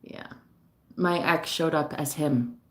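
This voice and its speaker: A woman who works as a psychic reader, telling a personal story in a casual vlog, candid and lively, swearing now and then. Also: deep voice, slow. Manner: animated, candid, swears, laughs often.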